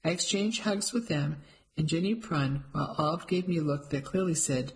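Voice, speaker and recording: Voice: medium pitch, normal speed, poor audio. A narrator reading a cozy mystery aloud in the first person, with a light, wry delivery.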